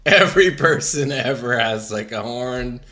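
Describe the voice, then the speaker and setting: A man's voice: mid-range voice, animated, measured pace, bright, forceful tone. A man co-hosting a casual podcast, telling stories loosely with frequent laughs and some swearing. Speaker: podcast co-host. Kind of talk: casual chat.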